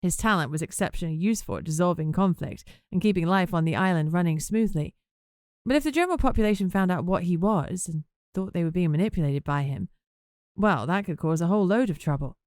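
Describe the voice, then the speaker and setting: A woman's voice: lowish voice, lively intonation, fast talker, a little mellow, no room sound. Female audiobook narrator, wry first-person read, dry booth sound.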